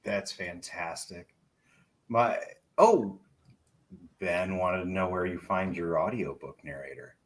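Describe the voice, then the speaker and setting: A man hosting an interview with an author, chatty and quick to laugh. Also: deep voice. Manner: warm, chatty, laughs easily. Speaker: interview host, fellow author. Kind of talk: casual interview chat.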